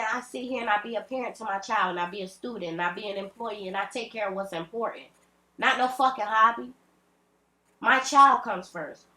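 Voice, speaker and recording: A woman rants straight into the camera, blunt, emphatic and full of profanity. Her voice sits a little high and rings in an echoey room at home. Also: pushed and bright. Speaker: vlogger. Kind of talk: ranting direct-to-camera vlog.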